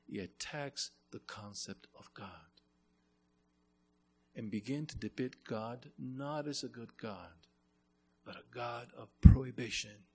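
A man's voice: mid-range voice, a little mellow, breathy edge, in a large hall. A man preaching a sermon in an earnest way, repeating phrases and rising to emphatic bursts.

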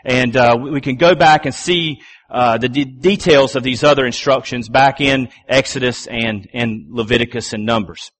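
A middle-aged man preaching a sermon, repeating key phrases and slowing down, low and deliberate, when he reads scripture. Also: a bit bright. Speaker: pastor.

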